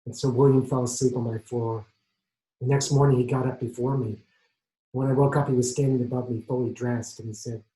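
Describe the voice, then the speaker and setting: Emotional older man telling his story. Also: moderate pace. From Arizona. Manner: emotional, with sharp swings in volume and pitch. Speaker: solo stage performer. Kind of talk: autobiographical theatrical monologue. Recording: echoey room.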